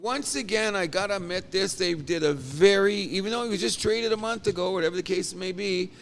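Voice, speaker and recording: A man co-hosting a casual sports podcast, rambling and animated with frequent restarts. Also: high-pitched, brisk. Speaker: podcast co-host.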